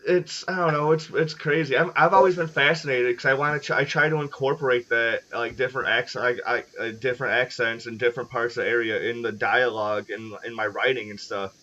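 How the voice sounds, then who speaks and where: A man's voice: medium pitch, steady tone, a little fast, few pauses, pushed and bright. A young American man hosting a casual podcast chat, laughing often and restarting his sentences. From United States. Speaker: podcast host. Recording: dull lo-fi audio.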